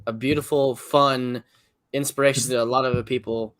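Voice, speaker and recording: A man's voice: mid-range voice, little pitch movement, normal speed, a bit bright, no room sound. A man who is a guest on a livestream chat, talking enthusiastically, laughing easily and swearing casually.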